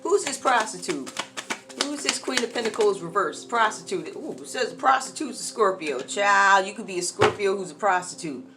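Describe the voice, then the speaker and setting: Woman tarot reader, casual and animated, slangy asides, soft music bed underneath. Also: on the low side. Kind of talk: casual tarot reading monologue.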